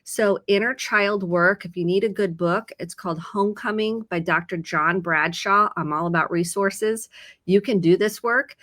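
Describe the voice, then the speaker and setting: A woman's voice: mid-range voice, moderate pace, a bit bright, no room sound. A woman therapist with a Midwestern American accent, explaining mental health in an earnest, casual chat full of examples.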